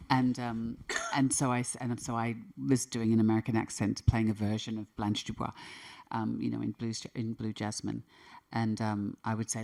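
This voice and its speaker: A woman's voice: very deep voice, steady tone, moderate pace, vocal fry, darkish tone. A woman in her fifties, an actress answering interview questions in a thoughtful way, often restarting her phrases. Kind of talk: conversational interview.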